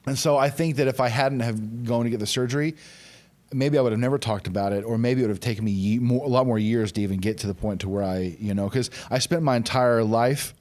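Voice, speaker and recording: A man's voice: mid-range voice, fairly even intonation, quick pace, darkish tone. A man in his forties speaks as a podcast guest in easy, conversational chat. His voice sits in a middle register, and he tells candid, self-deprecating stories full of restarts and asides. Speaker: podcast guest, former pro wrestler.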